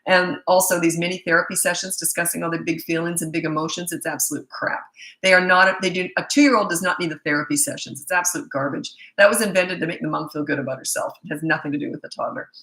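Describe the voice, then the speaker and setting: A woman's voice: fairly low pitch, fairly even intonation, fast talker, sharp tone. A middle-aged woman, a parenting coach, bluntly and emphatically answering viewer questions in a live Q&A session. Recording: echoey room.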